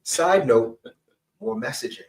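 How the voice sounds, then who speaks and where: A man's voice: medium pitch, expressive, a little slow, far from the mic, poor audio. Earnest middle-aged man sharing his story. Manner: earnest, emphatic, frequent "right?" and "okay?" asides. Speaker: podcast guest, counselor and pastor. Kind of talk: candid personal storytelling in an interview.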